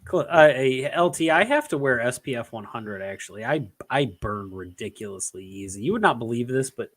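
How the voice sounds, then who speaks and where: A man's voice: medium pitch, animated, brisk, fairly bright tone. A young man co-hosting a podcast in casual chat, teasing, laughing often and drawing out his punchlines. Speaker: podcast co-host.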